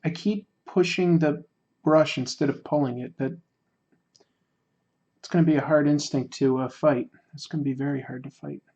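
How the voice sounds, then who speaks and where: A man chats loosely with his stream's viewers as he draws, wandering between thoughts and poking fun at himself. His voice sits a little high for a man. The sound is muffled and lo-fi. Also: fairly even intonation, normal speed, darkish tone. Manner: rambling, self-deprecating, many fillers. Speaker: livestreaming artist. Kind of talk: casual chat while drawing, answering viewer comments.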